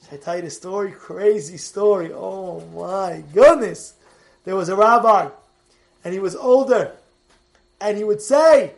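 Very high-voiced, animated male rabbi. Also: measured pace, gravelly. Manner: animated, repetitive, bursts into shouting. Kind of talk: sermon.

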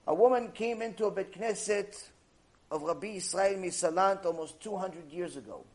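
A man with a fairly high, husky voice delivers a Torah lecture. He drives his points home with emphatic, repeated rhetorical phrases. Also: expressive, normal speed, darkish tone. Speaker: Torah teacher.

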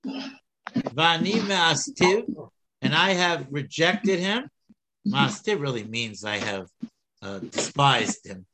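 A man giving an animated Torah lecture, full of restarts and repeated words. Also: medium pitch. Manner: animated, many restarts, mixes Hebrew and English. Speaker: rabbi teaching Torah.

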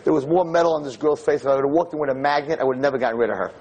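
A male rabbi giving a storytelling lecture, animated and acting out the voices in his tale. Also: mid-range voice, racing, a crowd in the background.

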